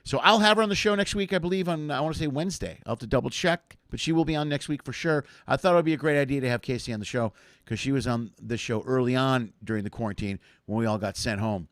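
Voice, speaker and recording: A man's voice: mid-range voice, fast, fairly bright tone, no room sound. Chatty male host for a solo livestream, loose and rambling, dry mic. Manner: rambling, chatty, frequent fillers and restarts. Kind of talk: casual solo livestream chat.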